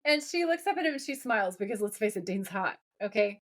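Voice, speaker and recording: With a mid-range voice and a quick pace, a woman recaps a TV episode on the podcast she co-hosts. She keeps it casual and lively, performing the characters' dialogue as she retells scenes.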